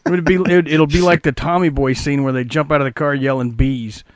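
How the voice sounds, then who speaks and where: A man's voice: mid-range voice, a little fast, dry recording. A man from the Midwest, cracking jokes and teasing in a casual podcast chat. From American Midwest. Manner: joking, teasing banter.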